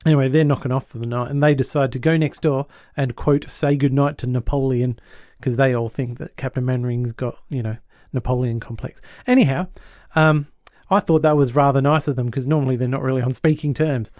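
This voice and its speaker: Podcast host, man, mellow and warm tone, dry close mic, animated storyteller who chuckles. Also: medium pitch, fairly quick, hardly any pauses, dry recording. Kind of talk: casual podcast chat retelling a sitcom episode.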